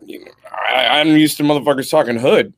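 Talking a bit quickly at medium pitch, with no echo, a young adult man joins a podcast as a guest. He's an Army veteran from New Britain, Connecticut, and he tells his stories in an animated, profane, casual way.

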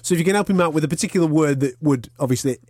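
A man's voice: fairly high pitch, very fast, darkish tone, dry recording, clean studio sound. A man hosting a podcast in chatty, teasing banter with his co-host. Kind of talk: casual chat.

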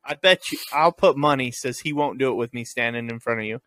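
A man co-hosting a podcast in casual banter, teasing his partner and quick to laugh. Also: mid-range voice, pushed and bright, no echo. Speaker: podcast co-host.

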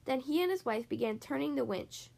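Gravelly woman reading a picture book. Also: high-pitched. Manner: slow, expressive reading. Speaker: reader.

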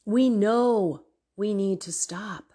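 A woman podcast host leading an earnest, fervent spoken prayer, pleading in a breathy voice. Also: medium pitch, slow, dark tone. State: tearful.

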